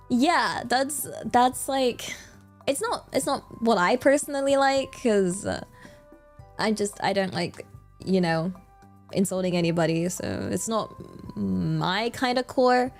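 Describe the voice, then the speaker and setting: A woman's voice: mid-range voice, animated, unhurried, darkish tone, soft background music. A young woman with a British accent chatting casually on her livestream, rambling through lots of fillers and laughing often. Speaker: streamer.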